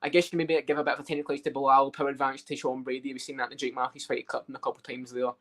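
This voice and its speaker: A man's voice: medium pitch, level tone, rapid-fire, a bit bright. A man co-hosting a casual livestream, talking through fight picks in a loose, hedging way. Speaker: co-host.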